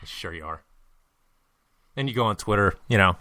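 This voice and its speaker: Podcast host guy, blunt and sweary, bright forceful voice, dry close mic. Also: fairly low pitch, a little fast, dry recording. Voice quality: blunt, profane, ranting. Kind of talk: casual chat.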